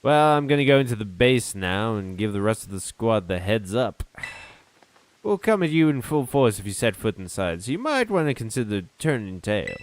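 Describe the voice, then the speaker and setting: A man's voice: fairly low pitch, sing-song, normal speed. A man reading the lines of a brash male gang squad boss in a cocky, taunting tone.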